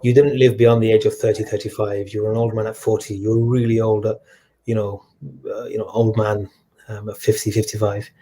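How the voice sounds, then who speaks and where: A man telling stories as a guest in a conversation, animated and full of restarts. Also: on the low side, a little fast. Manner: animated storyteller with frequent restarts. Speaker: guest, humanitarian charity leader. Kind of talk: storytelling in a conversation.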